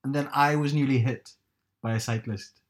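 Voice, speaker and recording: A man's voice: medium pitch, steady tone, moderate pace. A man chatting casually, telling rambling stories and correcting himself as he goes. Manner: rambling, self-correcting anecdotes. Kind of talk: casual chat.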